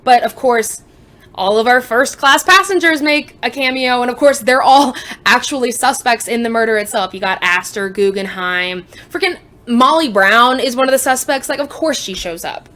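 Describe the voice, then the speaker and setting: A woman's voice: on the high side, expressive, normal speed, sharp tone. A young woman chatting casually about books she has read, joking and sarcastic, with frequent asides. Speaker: book vlogger. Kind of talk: casual book review chat.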